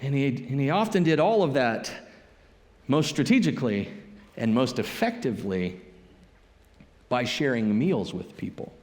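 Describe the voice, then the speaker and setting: A man preaching a sermon as a pastor, telling a story in a conversational, animated way. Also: mid-range voice, a little slow, pauses often, in a large hall. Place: church sanctuary.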